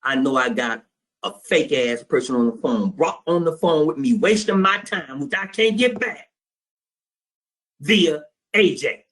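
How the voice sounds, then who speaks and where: Man, high-pitched, streetwise trading instructor, blunt storyteller. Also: expressive, measured pace, fairly bright tone. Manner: streetwise, blunt, profane, quotes both sides of a phone call. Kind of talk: storytelling lecture to students.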